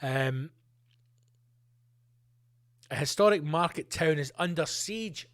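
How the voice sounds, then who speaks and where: A man's voice: on the high side, takes it slowly, pauses often, fairly bright tone. A middle-aged man hosting a solo podcast, ranting in a sweary, sarcastic way. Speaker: podcast host.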